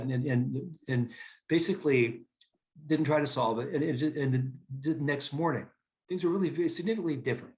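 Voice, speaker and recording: Brief: male parenting speaker, middle pitch, halting and full of restarts. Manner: halting, many restarts and repeated words. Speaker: co-presenter on parenting. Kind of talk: conversational parenting talk.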